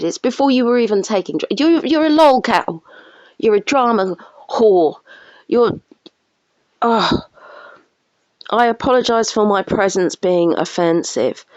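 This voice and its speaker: A woman's voice: medium pitch, a little mellow, no echo, highs cut off. A woman commentating on online drama in a ranting, sarcastic, exasperated way.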